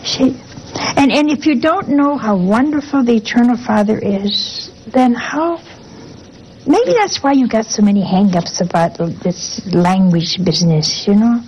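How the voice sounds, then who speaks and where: A woman's voice: fairly high pitch, animated, unhurried, darkish tone, highs cut off, slight background noise. An older religious sister giving an informal sermon in a folksy way, full of rhetorical questions and asides to her listeners. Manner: folksy, asks rhetorical questions with a teasing "huh?".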